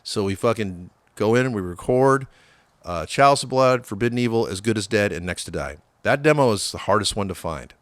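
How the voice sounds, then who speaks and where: A man's voice: fairly low pitch, animated, brisk, no room sound. A man telling a long rambling story in a casual interview, swearing freely and acting out what people said. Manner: profane, rambling, acts out quoted dialogue. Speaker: guest musician.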